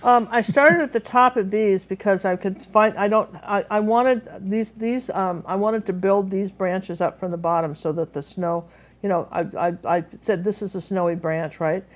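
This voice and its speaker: A woman's voice: mid-range voice, normal speed, poor audio. A woman teaching a live painting class, telling stories in a rambling way with many fillers and restarts.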